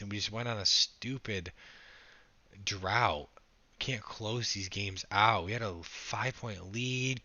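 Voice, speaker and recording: A man's voice: on the low side, pushed and bright, no room sound. A young man livestreaming a basketball game, calling the score and answering his chat, frustrated and casual. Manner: frustrated play-by-play, talks to chat. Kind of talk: casual live game reaction, reading chat. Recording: dull lo-fi stream audio.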